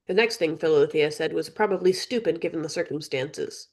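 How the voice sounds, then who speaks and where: A woman reading her own fantasy audiobook in an even storytelling narration. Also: low voice, brisk, few pauses. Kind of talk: scripted narration.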